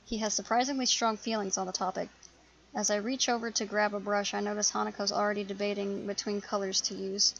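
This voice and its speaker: A woman hosting a let's play, reading a visual novel aloud in a steady narrating voice with small slips. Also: medium pitch, a little fast, lo-fi sound.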